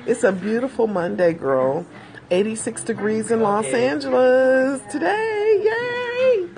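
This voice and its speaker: A woman chatting casually with viewers on a phone livestream, animated and laughing often, calling them girl. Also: on the high side, unhurried, faint music behind. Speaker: livestream host.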